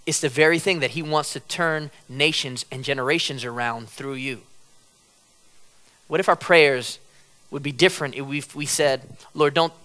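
Bright-voiced male preacher. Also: medium pitch, moderate pace. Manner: dramatic, acts out quotes, rises to shouts; conversational with humor. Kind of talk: sermon.

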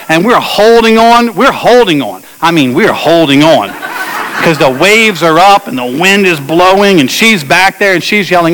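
A middle-aged man preaching a sermon, telling a personal story with animated delivery and acting out shouted quotes. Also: high-pitched, normal speed, in a large hall, rough recording. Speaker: pastor.

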